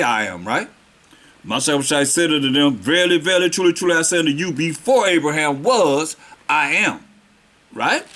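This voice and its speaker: A man teaching scripture as a preacher, reading verses slowly and then restating them in plain street talk. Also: on the high side, a bit bright. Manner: slows down to stress the verses.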